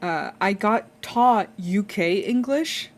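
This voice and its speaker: Chatty woman streaming. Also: slow. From Netherlands. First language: Dutch. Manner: chatty storytelling, gets louder and higher when excited, casual swearing. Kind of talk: casual live-stream chat.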